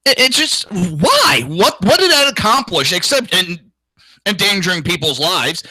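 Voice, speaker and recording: A man's voice: high-pitched, very animated, moderate pace, bright, forceful tone, dry recording, low-quality recording. Brash, profane ranting man. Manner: crude, profane, indignant; mocking voices of others. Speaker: political talk show host. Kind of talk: ranting solo commentary.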